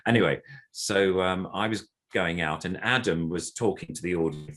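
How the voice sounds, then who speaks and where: A man's voice: low-pitched, normal speed, a bit bright. An older man, a puppeteer, telling a story in casual conversation, rambling with plenty of fillers and acting out the lines of others. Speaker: puppeteer guest. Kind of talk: casual anecdote.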